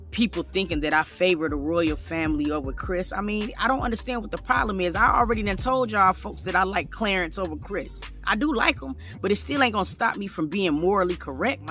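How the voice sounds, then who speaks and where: A man's voice: high-pitched, fairly bright tone. A man doing casual reaction commentary, chatty and emphatic, talking straight to his viewers. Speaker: commentary vlogger.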